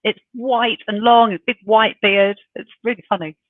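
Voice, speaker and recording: A woman's voice: fairly high pitch, fairly even intonation, moderate pace, dry recording. A woman chatting casually on an online show. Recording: tinny phone-like line.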